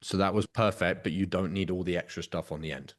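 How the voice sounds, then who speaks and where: Direct low-voiced sales coach. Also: male voice, steady tone, a little fast. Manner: direct, corrective, emphatic. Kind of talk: live sales coaching role-play.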